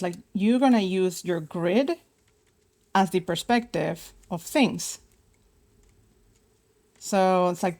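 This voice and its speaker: A woman's voice: fairly low pitch, a little mellow. Chatty woman teaching drawing. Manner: chatty, thinks aloud with many fillers and restarts. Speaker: art teacher. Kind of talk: casual live drawing lesson.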